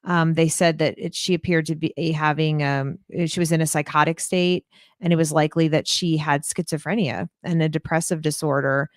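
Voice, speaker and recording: A woman's voice: deep voice, fairly even intonation, normal speed, no echo, studio quality. A woman guest co-host discussing a true crime case in a thoughtful, hesitant way with frequent ums.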